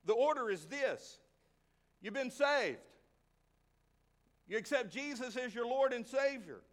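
A high-voiced man preaches from the pulpit. He drives points home by repeating short phrases, rising loud for emphasis and then dropping into quiet asides. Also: animated, measured pace. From Arkansas. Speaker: pastor. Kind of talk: sermon.

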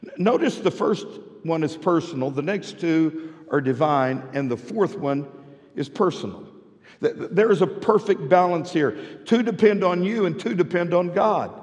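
A man's voice: a little high, expressive, normal speed, darkish tone. A man, preaching a sermon as pastor. He speaks emphatically, often stammers on his first words, and leads the congregation in repeating phrases. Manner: emphatic preaching with call-and-response repetition. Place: church sanctuary. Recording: long church reverb.

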